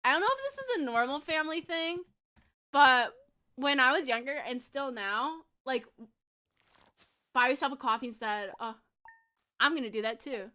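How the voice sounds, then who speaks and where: A woman's voice: high voice, pushed and bright. A woman in her twenties chatting casually on a gaming livestream, bubbly and giggly, rambling with lots of fillers. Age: 20s. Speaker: streamer.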